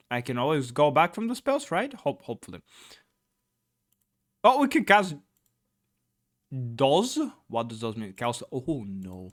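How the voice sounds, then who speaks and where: A man's voice: mid-range voice, huge pitch swings, takes it slowly, pauses often. A man playing through a gamebook, reading it aloud with rambling commentary, many fillers and blurted swearing. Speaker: gamebook let's-player.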